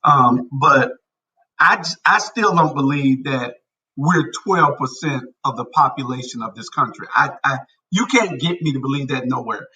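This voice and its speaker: A man's voice: mid-range voice, moderate pace, bright, forceful tone. A man hosting a casual talk show, giving blunt, emphatic opinions. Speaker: show host. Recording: distant from the mic.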